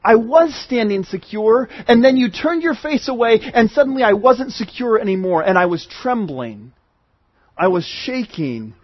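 A man preaching a sermon in an earnest way, moving between loud pleading and hushed asides. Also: sits high, big pitch swings, moderate pace, no room sound, muffled recording.

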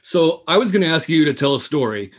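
A man hosts a loose, casual chat, asking for stories with lively interest. His voice is a bit husky and sits on the higher side. His pitch swings widely when he talks. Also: brisk. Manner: animated, swears freely, eager interviewer. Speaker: podcast host.

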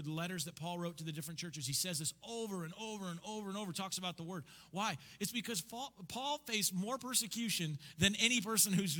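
A man preaches with bright, forceful energy, his voice sitting a little high for a man. He keeps asking the congregation questions and answering them himself. The sound rings with the long reverb of a church sanctuary. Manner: energetic, emphatic preaching with call-and-response questions. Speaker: pastor. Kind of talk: sermon.

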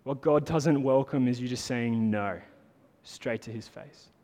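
A man preaching a sermon in a casual, animated way, talking to the congregation like friends. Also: mid-range voice, unhurried. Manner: conversational, animated preaching with lots of "like". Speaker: pastor. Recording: long hall reverb.

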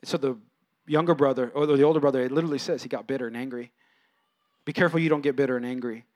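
A man in his thirties or forties preaching a sermon, animated, acting out voices with big swings in pitch. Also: very fast. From California. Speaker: pastor.

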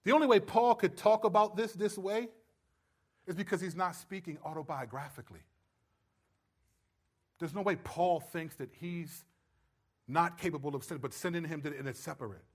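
High-voiced man preaching animatedly. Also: normal speed, long pauses. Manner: animated, acts out quoted voices with humor. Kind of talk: sermon.

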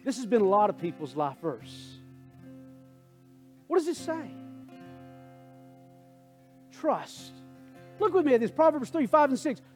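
High-voiced man preaching over soft guitar. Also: very animated, a little slow, long pauses. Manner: swings from hushed prayer to loud emphatic calls. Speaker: pastor. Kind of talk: sermon. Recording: faint guitar music underneath.

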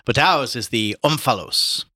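A man reading aloud voices a boisterous, mocking young man in a loud, high, theatrical voice. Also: lively intonation, unhurried, dry recording, clean studio sound. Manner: booming, exclamatory, high-pitched.

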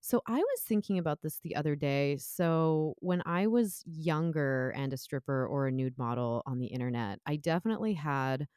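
A woman's voice: sits low, expressive, moderate pace, few pauses, darkish tone, clear, resonant tone, no room sound, clean studio sound. A woman hosting a podcast, talking candidly and playfully and laughing often. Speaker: podcast host. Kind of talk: casual podcast chat.

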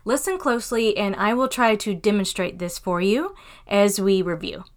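A woman hosting a podcast English lesson, reading example phrases slowly and clearly. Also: medium pitch. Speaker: English teacher and podcast host.

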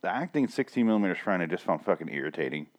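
A man with a lowish voice co-hosting a podcast. He talks in blunt, profane casual chat and acts out scenes with animated retellings. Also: very fast. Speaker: podcast co-host.

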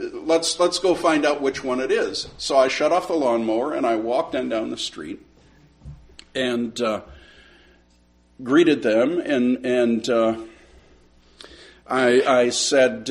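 A middle-aged man teaching a Sunday school lesson, telling a story with lively acted dialogue and frequent repeated words. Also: medium pitch. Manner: animated storyteller, acts out both sides of a conversation, repeats words when starting.

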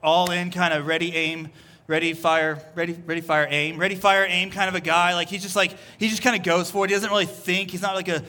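Bright-voiced casual male pastor. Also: high-pitched, flat delivery, fairly quick. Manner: loose, chatty storytelling full of "like". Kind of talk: casual conversational sermon.

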